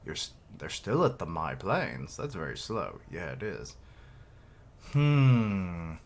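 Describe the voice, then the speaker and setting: A man's voice: deep voice, sing-song, slow, gravelly. A man on a casual live reaction stream, rambling and joking as he reads comic dialogue aloud.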